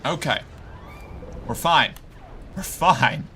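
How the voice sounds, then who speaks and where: Animated, jittery male game streamer. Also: fairly high pitch, very slow, a little hiss or hum. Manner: anxious, swears, talks himself calm with repeated phrases. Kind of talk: gameplay commentary.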